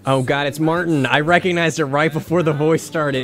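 A man's voice: fairly high pitch, normal speed, fairly bright tone, soft background music. A man streaming a game, chatting casually with his viewers, swearing and laughing at his own jokes. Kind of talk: casual live-stream chat over gameplay.

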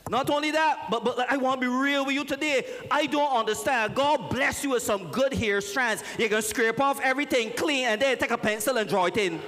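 A man, a pastor preaching a lively, joking sermon and calling out to his congregation. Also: extremely high pitch, brisk, hardly any pauses, slight background noise. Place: church sanctuary. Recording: reverberant church hall.

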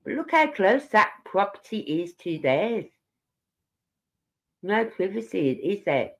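An older live-stream host chats casually and at length. The talk wanders from topic to topic and keeps turning back to the audience. The voice sits at an ordinary middle pitch. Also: sing-song, takes it slowly, creaky, fairly bright tone. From Birmingham, England. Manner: rambling, chatty, talks straight to viewers. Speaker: livestream host.

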